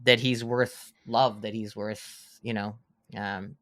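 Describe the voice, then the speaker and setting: A man's voice: fairly low pitch, little pitch movement, slow pace, a bit bright. A man on a podcast as a guest, thoughtfully analyzing a film in casual chat and restarting his phrases. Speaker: podcast guest, horror filmmaker.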